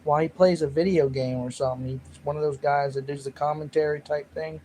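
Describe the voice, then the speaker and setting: A man's voice: a little high, steady tone, fairly quick, warm tone, a little hiss or hum, low-quality recording. A man hosting his own livestream, rambling and joking about himself while reading the chat. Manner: rambling, self-mocking, reads chat aloud. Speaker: livestream host.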